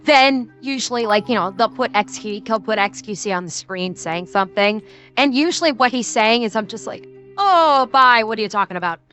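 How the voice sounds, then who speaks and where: Midwestern woman streaming, rambly, lots of restarts, bright edgy voice, little music underneath. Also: medium pitch, normal speed. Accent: Midwestern American. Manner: rambling with many restarts, laughs often. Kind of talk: casual stream chat.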